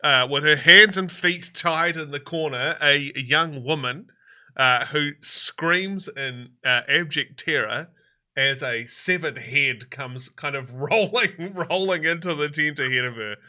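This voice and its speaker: A man's voice: on the high side, measured pace, sharp tone. A man narrating as game master of a tabletop game, with many hesitant fillers. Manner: hesitant, full of fillers and laughs. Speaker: dungeon master.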